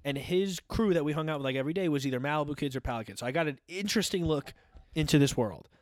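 A man's voice: on the high side, lively intonation, rapid-fire, no echo, studio quality. Rambling young man, filler-heavy chat. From southern California. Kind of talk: casual chat.

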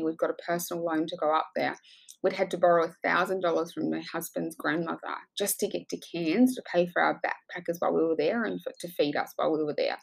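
A woman with a lowish, gravelly voice tells a motivational story. She speaks effusively and animatedly, acting out both sides of each exchange as a coach.

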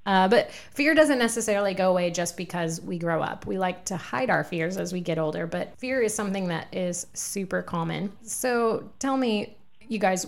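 Middle-aged woman, podcast host, chatty and quick to laugh. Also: fairly low pitch. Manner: chatty, laughs often, asks questions. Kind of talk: casual family podcast chat.

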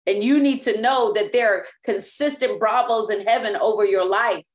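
A woman's voice: mid-range voice, normal speed. A woman preaching a sermon as apostle and teacher, speaking emphatically and often repeating and restarting words.

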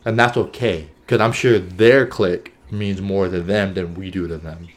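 This podcast co-host has a low-pitched voice, fairly even intonation, and a moderate pace. In casual conversation he thinks aloud earnestly, frequently checking in with "right?" and "you know what I'm saying?"

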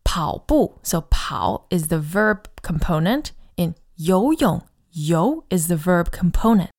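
A woman co-hosting a podcast language lesson, explaining grammar in a friendly way and modelling phrases slowly. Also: lowish voice, lively intonation, a little mellow. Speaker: co-host and Chinese teacher.

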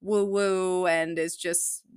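A woman's voice: fairly low pitch, level tone, slow, smooth, dry recording, clean studio sound. A woman hosting her own podcast as an online fitness coach, talking in a chatty, upbeat way with casual fillers. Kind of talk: solo podcast talk.

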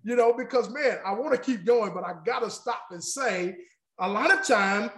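High-voiced emphatic male preacher. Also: normal speed, fairly bright tone, reverberant. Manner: emphatic, repetitive, addresses the congregation. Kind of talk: sermon.

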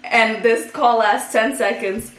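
A young woman, a podcast co-host telling a story to friends in a lively way, laughing often and acting out her own thoughts. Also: fairly high pitch, slow. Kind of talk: casual storytelling among friends. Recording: roomy echo.

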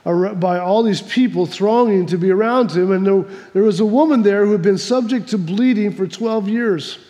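A man's voice: high voice, dark tone, long reverb tail. A man preaching a sermon, telling a folksy joke before reading scripture, with many restarts and repeats. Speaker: pastor.

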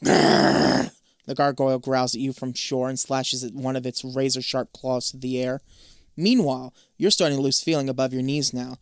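A man's voice: medium pitch, steady tone, brisk, clean tone, no room sound, clean studio sound. A man reading a choose-your-own-adventure book aloud in a casual way, swearing offhand between passages. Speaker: gamebook reader.

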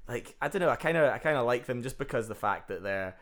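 A man's voice: medium pitch, expressive, fast talker, a bit bright. A young Scottish man co-hosting a football podcast, rambling and sweary in casual chat. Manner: sweary, rambling, laughs easily. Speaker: podcast co-host.

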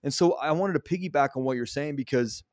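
A fairly high-pitched, slightly mellow voice moves at a quick pace as a middle-aged podcast host shares candid personal stories, cursing often. It's a casual conversation with studio-quality audio and no room sound.

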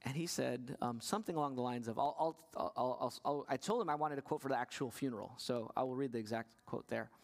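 A male pastor delivering a sermon to his congregation, asking them questions, his voice sinking low and soft and then climbing high and pressing. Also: fast, gravelly, hardly any pauses.

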